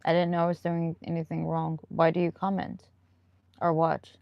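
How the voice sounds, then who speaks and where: A woman hosting a relaxed live stream, chatting loosely with viewers and drifting from one story to the next with frequent laughs. Her voice sits low and has a gravelly, fried edge. The sound is close and dry, with no room echo. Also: normal speed, highs cut off. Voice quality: chatty and rambling, laughs often. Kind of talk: casual live-stream chat, answering viewer comments.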